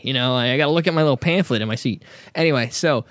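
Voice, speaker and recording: A man's voice: medium pitch, rapid-fire, a bit bright. A man chats on his podcast in a loose, joking way, swearing freely. His voice sits mid-range. The sound is dry and close, with no room echo. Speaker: podcast host. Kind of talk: casual podcast chat.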